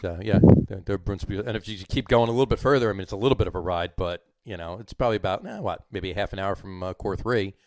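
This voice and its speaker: A man's voice: low-pitched, quick pace, few pauses, a little mellow, no echo, studio quality. A man with a New Jersey accent co-hosting a podcast, chatting casually and rambling with many fillers and restarts. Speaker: podcast co-host. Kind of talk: casual chat.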